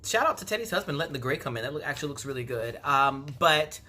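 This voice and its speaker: A woman recapping a reality TV episode in a casual, gossipy vlog, animated and full of acted-out quotes. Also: sits low, fast. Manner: chatty, gossipy, animated retelling; acts out quotes in exaggerated voices.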